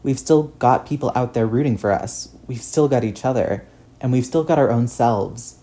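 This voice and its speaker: A man's voice: medium pitch, moderate pace, dark tone, close to an everyday voice. A man voicing an earnest, shaken teenage boy hero who stammers and restarts his sentences.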